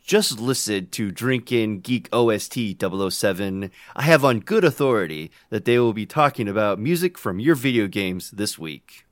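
A man's voice: fairly low pitch, expressive, normal speed, hardly any pauses, no echo. A man with an American accent co-hosting a casual podcast, joking around and laughing often. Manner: joking and laughing often, reads labels aloud. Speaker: podcast co-host. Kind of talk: casual chat.

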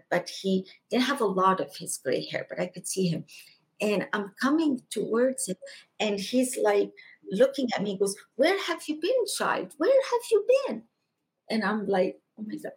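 A middle-aged woman from Egypt telling a personal spiritual testimony as a guest, in a slow, halting and emotional way. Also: mid-range voice, creaky, slightly rough, poor audio.

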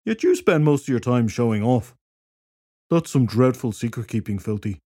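A man voicing a chatty, cheeky druid in an audiobook, pitched a bit above his narrating voice. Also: expressive, normal speed, warm tone, no echo, studio quality, lightly acted.

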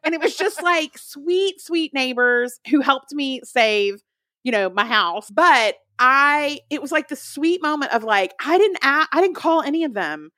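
A young woman co-hosts a casual podcast and tells stories with animated energy. Her voice sits a little high. She is recorded close in a dry, dead room. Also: a little slow, no echo. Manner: chatty storyteller, animated, quotes people in voices. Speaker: podcast co-host. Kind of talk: casual chat.

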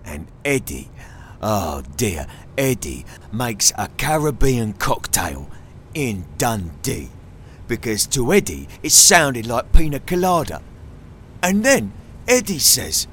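A British man telling an absurd comic tall tale in deadpan style, teasing a sidekick as he goes. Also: fairly low pitch, a little slow, a little hiss or hum. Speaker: comedian. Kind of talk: comic storytelling monologue.

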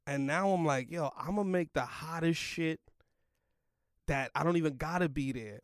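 A man's voice: a little high, normal speed, no echo, studio quality. A young man, a comedian, telling a rambling story in loose slang, full of "like" and "yo". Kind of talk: casual storytelling in a podcast chat.

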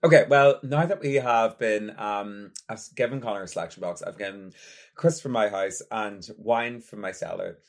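A man's voice: on the low side, normal speed. Joking young man hosting a podcast. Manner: playful, swears freely, laughs often. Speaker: podcast host. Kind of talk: casual advice podcast chat.

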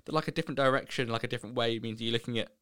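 A woman's voice: extremely low pitch, rapid-fire, clean tone. A woman co-hosting a podcast in casual chat, telling stories with dry, wry humor. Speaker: podcast co-host.

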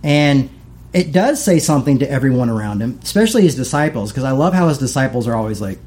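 A man's voice: mid-range voice, fast, mellow. A man preaching a casual, conversational sermon as pastor, acting out the voices of the people he quotes.

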